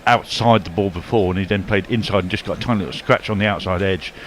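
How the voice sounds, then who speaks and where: Deep voiced guy rattling off cricket analysis fast, bit of hiss behind. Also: a crowd in the background. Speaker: cricket commentator. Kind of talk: radio commentary chat.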